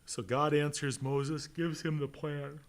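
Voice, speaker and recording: A pastor teaching a relaxed Bible class, conversational and joking, with an Upper Midwest American accent. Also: male voice, a little high. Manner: conversational, asks "right?" often, acts out quick voices. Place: church classroom.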